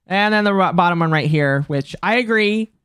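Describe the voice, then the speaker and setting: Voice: medium pitch, normal speed, a bit bright, clear, resonant tone, no echo, studio quality. A streamer in their mid-twenties giving casual live-stream commentary, talking bluntly and profanely with a mocking tone that climbs into indignant outbursts. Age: mid-20s.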